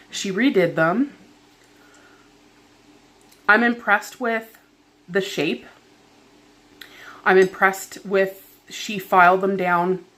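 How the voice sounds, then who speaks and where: A woman's voice: mid-range voice, sharp tone. A woman vlogger telling a story at home in a casual, chatty way, with lots of "like" and an exasperated, venting tone. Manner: chatty, heavy filler "like", exasperated retelling.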